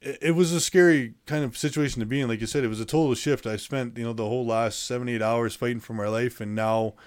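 A man's voice: mid-range voice, fairly even intonation, quick pace. A man being interviewed, recounting events in a plainspoken, matter-of-fact way with many fillers and restarts. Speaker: interview guest. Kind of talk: casual storytelling in conversation.

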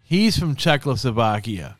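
A man's voice: mid-range voice, sing-song, unhurried, no room sound, faint music behind. A man co-hosting a podcast in casual, profane chat, saying bro a lot. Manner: swears constantly, says bro a lot. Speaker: podcast co-host.

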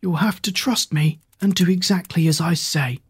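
A narrator doing a hoarse, wise old man. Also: mid-range voice, dry recording. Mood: calm. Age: older. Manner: slow, calm and kindly. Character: mysterious wise old man with a strange cane.

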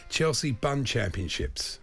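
A man co-hosting a radio show, telling a wry story with laughter and deadpan asides. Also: medium pitch, unhurried, creaky, slightly rough, soft background music. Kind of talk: casual banter.

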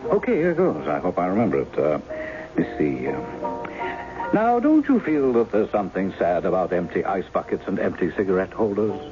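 A charming impostor who talks in a breezy, teasing way, his fairly low voice swooping through a wide, lively range. The sound is dull and old, like an archived radio broadcast, with music clearly underneath. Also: moderate pace. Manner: teasing, breezy, later rueful. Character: charming writer posing as a woman's lost husband. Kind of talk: 1970s radio drama acting.

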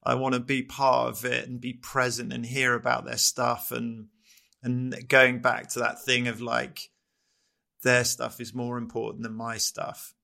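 Man, middle-aged, podcast co-host, reflective chat, earnest, halting, flat delivery, gravelly. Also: medium pitch. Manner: earnest and halting, often restarting sentences.

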